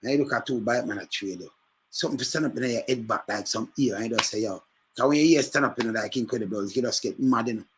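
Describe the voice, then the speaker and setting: A man with a Jamaican accent in casual, emphatic street commentary. He repeats himself and bursts into loud outbursts. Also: medium pitch, fast, background noise.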